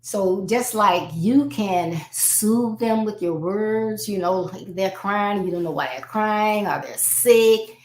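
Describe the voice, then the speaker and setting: A woman's voice: mid-range voice, takes it slowly, few pauses, darkish tone. A woman life coach hosting a live parenting advice talk, speaking conversationally and acting out exchanges between parents and children. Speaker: life coach and show host. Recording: roomy echo.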